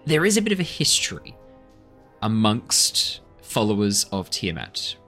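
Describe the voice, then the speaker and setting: A man narrates a tabletop game as its game master, with a lively, swinging pitch and frequent laughter. He often restarts and corrects himself as he talks. Soft music sits faintly behind him. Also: unhurried.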